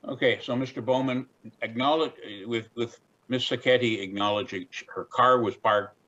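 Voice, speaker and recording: A man serving as hearing officer, presiding in a plain-spoken, folksy, measured way over a video call. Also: medium pitch, steady tone, pushed and bright, muffled recording.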